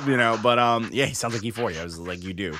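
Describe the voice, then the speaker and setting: A man's voice: on the low side, fast. A man hosting a casual talk show, reviewing music in a loose, joking way with plenty of swearing. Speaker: podcast host reviewing music. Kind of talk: casual chat.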